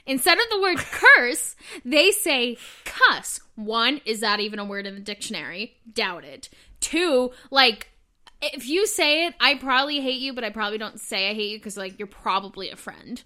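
A young adult woman co-hosting a podcast in casual chat, animated, ranting and quick to laugh. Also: on the high side. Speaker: podcast co-host.

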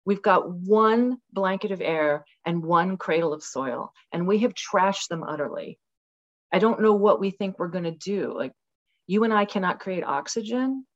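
A woman in her sixties joins a podcast by video call from her rural home with dogs, telling stories with passion and dramatically acting out quotes in a casual interview. Her mid-range voice moves at a moderate pace, and the sound is lo-fi.

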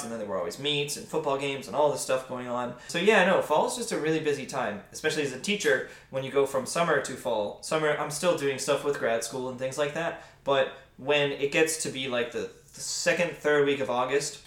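Young man, podcast host, casual rambling chat, bright tone, roomy echo. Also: mid-range voice. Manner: upbeat, rambling, filler-heavy. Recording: echoey room.

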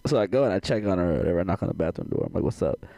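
A young adult man co-hosting a podcast, telling crude stories in an animated way and laughing often. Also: deep voice, racing, vocal fry, no room sound. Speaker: podcast co-host. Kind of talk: casual chat.

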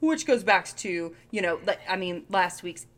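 A woman's voice: lowish voice, animated, measured pace, fairly bright tone. Chatty woman co-hosting a podcast. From Southern United States. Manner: chatty, laughing, trails off and restarts. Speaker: podcast co-host. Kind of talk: casual chat.

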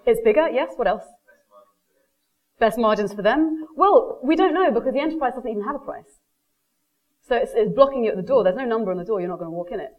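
A woman's voice: fairly high pitch, fast talker, lo-fi sound. A woman giving a live marketing presentation. She tells personal stories with energy and acts out the people she quotes, addressing the audience directly. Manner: lively storyteller, quotes people in animated voices. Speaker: speaker giving a marketing talk.

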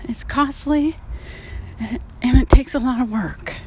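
A woman with a fairly high voice speaks unhurriedly against slight background noise. A painter, she gives a casual vlog monologue while walking outdoors, talking frankly, sighing, swearing casually, and sounding a bit out of breath.

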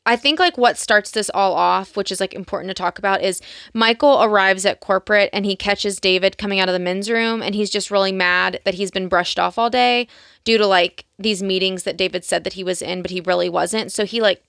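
A woman's voice: medium pitch, a little fast, vocal fry, fairly bright tone, dry recording, clean studio sound. A young woman co-hosting a podcast, casually retelling TV scenes with lots of "like" fillers. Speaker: podcast co-host. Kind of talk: casual chat.

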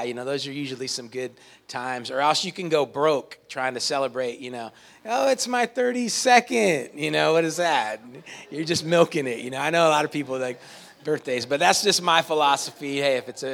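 Chatty man pastor at church. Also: medium pitch. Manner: relaxed, chatty, thankful. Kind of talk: sermon opening, casual remarks to congregation. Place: church sanctuary.

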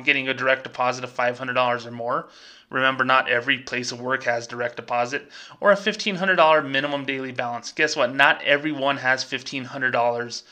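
A man in his thirties with a bright, forceful voice, holding forth as the host of a casual commentary show. He rants with plenty of animation and throws in quick asides. His pitch sits in an ordinary middle range for a man. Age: 30s.

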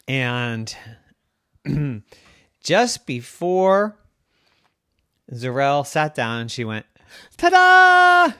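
A parent spins an improvised bedtime story, voice bouncing up and down with playful energy and sometimes sinking to a near hush. The sound is dry and close to the mic. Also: medium pitch, extremely slow, long pauses, smooth, no room sound. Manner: lively, playful, drops to a hush.

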